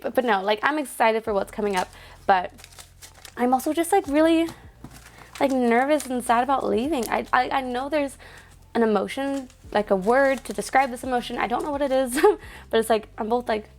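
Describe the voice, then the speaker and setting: A woman's voice: a little high, moderate pace, a little hiss or hum. A young woman vlogging casually to her phone camera indoors, chatting with lots of "like" fillers and counting cash aloud.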